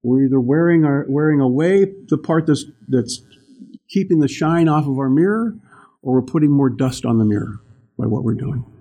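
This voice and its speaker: Gravelly, mellow older man teacher. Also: medium pitch, moderate pace. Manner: rambling, warm storytelling with laughs. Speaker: spiritual teacher. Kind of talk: morning talk.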